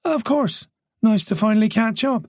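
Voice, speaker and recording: A man's voice: high voice, moderate pace, no echo, studio quality, pitched above the performer's own voice, close to an everyday voice. A man voicing a reserved, polite middle-aged police chief inspector in a story. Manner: polite, modest, guarded.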